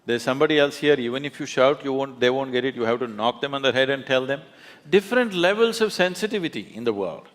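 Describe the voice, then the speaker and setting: A man's voice: mid-range voice, expressive, quick pace. A man, a spiritual teacher speaking emphatically onstage, often laughing as he tells stories. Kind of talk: onstage conversation. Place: large auditorium.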